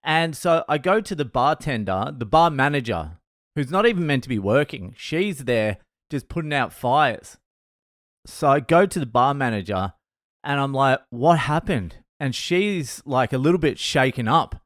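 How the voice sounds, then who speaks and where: A man's voice: mid-range voice, normal speed, no room sound, clean studio sound. A man hosting a podcast, telling a long story with swearing and bursts of laughter. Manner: profane, animated retelling, laughs at himself. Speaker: podcast host. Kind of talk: storytelling monologue.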